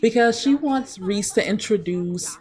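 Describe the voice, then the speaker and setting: A chatty woman narrates her gameplay to viewers in a relaxed, conversational way. Her voice sits at an ordinary middle pitch. She talks straight to her audience like a friend. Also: unhurried. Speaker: let's play host. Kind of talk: casual gameplay commentary.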